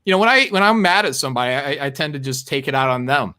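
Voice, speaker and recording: A man's voice: mid-range voice, lively intonation, fast talker, pushed and bright, clean tone. A man co-hosting a casual livestream chat, talking bluntly with lots of swearing and laughter. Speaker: co-host.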